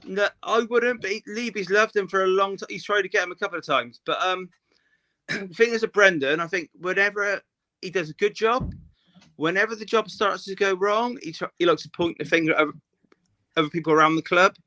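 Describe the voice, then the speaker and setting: Bloke ranting about football, bright voice, a bit high, dry sound. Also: male voice, brisk, no echo. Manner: opinionated, rambling with restarts. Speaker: podcast co-host. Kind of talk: casual football chat.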